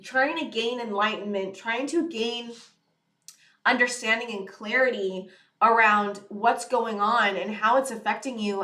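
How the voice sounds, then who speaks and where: Speaking to camera, this tarot reader delivers an earnest, meandering channeled reading peppered with "you know" and "it's like." She's a young woman with a fairly high, bright voice and a forceful tone, and the room sounds echoey.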